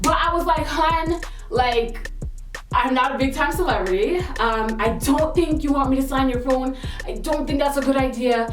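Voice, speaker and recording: A young woman spins a storytime for her viewers, sassy and animated, jumping into high exclaiming bursts when she quotes people. Her voice sits high and sounds a little distant, bouncing around an echoey room. Soft music plays underneath. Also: normal speed. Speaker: vlogger telling a story. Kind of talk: storytime vlog, casual chat.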